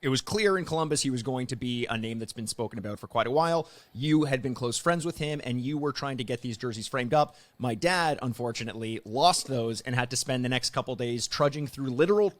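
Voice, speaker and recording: A man's voice: medium pitch, a little fast, few pauses. A young man hosting a podcast, introducing a guest in a chatty, teasing way. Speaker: podcast host.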